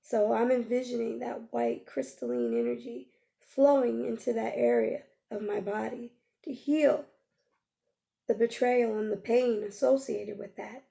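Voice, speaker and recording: A woman life coach leading a guided healing exercise, gentle and coaxing, checking in with listeners again and again. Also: on the high side, gravelly.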